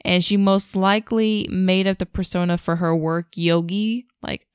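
Chatty woman with a smooth voice. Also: medium pitch, fairly even intonation, normal speed, no room sound, studio quality. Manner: chatty storyteller, laughs often, many fillers. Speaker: podcast co-host. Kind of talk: casual podcast chat.

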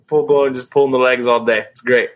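Podcast guest: talkative American man, mid pitch, storyteller. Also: steady tone, a little fast. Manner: chatty storyteller, slips into mimicked accents. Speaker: podcast guest, band musician. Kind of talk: casual podcast chat.

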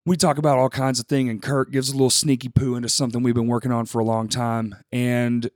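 A man hosting a podcast, reading a casual sponsor plug and introducing his guest with loose, profane, self-mocking banter while clearing his throat now and then. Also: medium pitch, flat delivery, fast talker, darkish tone, no room sound, clean studio sound. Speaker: podcast host.

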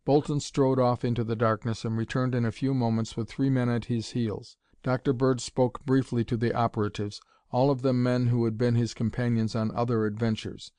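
A man narrating an audiobook in a steady, even reading voice. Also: mid-range voice, normal speed, hardly any pauses, no echo. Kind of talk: scripted narration.

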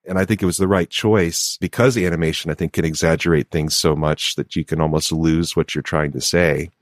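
Low-voiced male co-host, thoughtful and easygoing, dry studio sound. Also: steady tone, brisk, dry recording. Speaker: podcast co-host. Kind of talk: casual podcast discussion.

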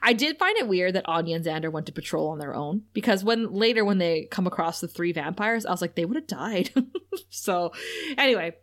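A young woman chats through a TV episode with a co-host, laughing often. Her voice rises and falls a lot, and it jumps up high whenever she quotes a character. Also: lively intonation, brisk. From China. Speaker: podcast co-host. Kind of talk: casual chat recapping a TV episode.

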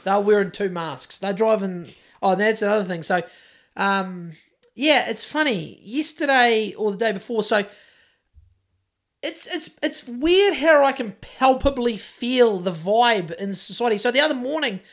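A woman's voice: medium pitch, expressive, a little slow. A woman co-hosting a podcast, telling stories in a casual, ranting way and swearing a lot. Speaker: podcast co-host. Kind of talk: casual chat.

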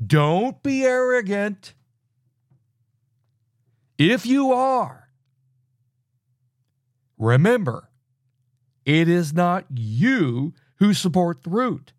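Sitting high and sing-song, this middle-aged or older man's voice moves extremely slowly with long pauses as he preaches. His sermon is earnest and scolding, with frequent restarted sentences. No echo, studio quality.

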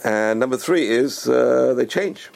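A man's voice: mid-range voice, lively intonation, unhurried, gravelly, darkish tone. A man giving a motivational religious talk, speaking emphatically, repeating phrases and restarting his sentences.

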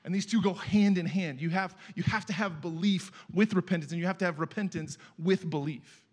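A middle-aged man preaching as a guest speaker in a church, telling stories in a conversational, animated way. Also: sits high, brisk. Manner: conversational, animated storytelling with acted quotes. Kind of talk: sermon with storytelling. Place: church sanctuary.

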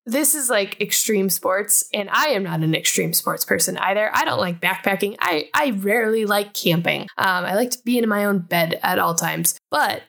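A woman's voice: mid-range voice, expressive, moderate pace, vocal fry, hardly any pauses, a bit bright. A woman hosting a casual book club podcast, chatty and laughing often, with lots of "like" in her talk. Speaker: podcast host.

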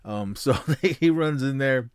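A man's voice: medium pitch, lively intonation, takes it slowly, smooth, no echo, studio quality. A man hosting a podcast, casually retelling a movie in a rambling way full of fillers and restarts. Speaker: podcast host.

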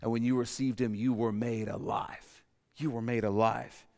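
A man preaching a sermon with passion, dropping to a hush and then rising to near shouts. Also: medium pitch, level tone, moderate pace, creaky, long reverb tail. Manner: impassioned, swings from hushed to loud. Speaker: pastor.

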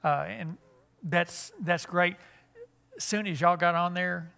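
A man's voice: high voice, slow, creaky, bright, forceful tone, clear, resonant tone. An older man, giving a folksy, joking talk at a church conference, with frequent restarts. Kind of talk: humorous seminar talk.

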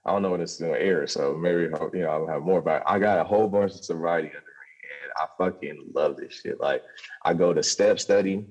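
A deep-voiced young man with a husky edge tells his story in a loose, profane rush. He stumbles through quick restarts and keeps the talk raw and candid. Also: highs cut off. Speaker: podcast guest telling his recovery story.

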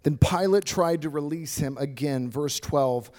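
A man preaching a sermon in church, telling a story in an animated, dramatic way. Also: on the high side, a little slow. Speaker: pastor. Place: church stage with a band.

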